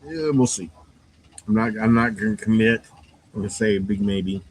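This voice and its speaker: A man's voice: fairly low pitch, moderate pace, a little hiss or hum, rough recording. A man who runs a game store, giving a rambling, casual shop update full of fillers and restarts and sounding a bit tired. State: yawning, tired.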